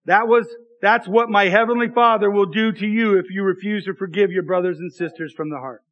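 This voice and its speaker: A man's voice: high voice, fairly even intonation, a little fast, highs cut off. A man preaching a sermon as pastor, reading scripture aloud and making joking asides to the congregation in a conversational way.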